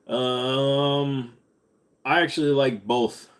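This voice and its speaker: A man's voice: lowish voice, normal speed. A man hosting a casual live question-and-answer stream, rambling and swearing freely with lots of fillers. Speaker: livestream host.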